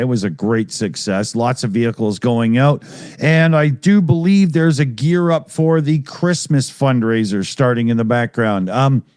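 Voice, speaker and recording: A man's voice: mid-range voice, darkish tone, dry recording, clean studio sound. A man co-hosting a live stream, reading out viewer super chats in a loose, rambling, profane way and laughing often. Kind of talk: casual live-stream chat.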